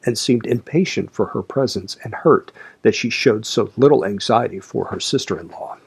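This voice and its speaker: A man reading a classic novel aloud as audiobook narration, in a measured, slow, even delivery. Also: mid-range voice, vocal fry, breathy edge. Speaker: audiobook reader.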